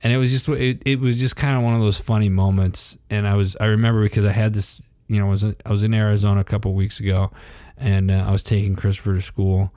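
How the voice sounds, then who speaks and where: A man in his thirties co-hosting a podcast, telling a story in casual chat, laughing and acting out quotes in a higher voice. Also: level tone, fast, dark tone, dry recording, clean studio sound. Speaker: podcast co-host.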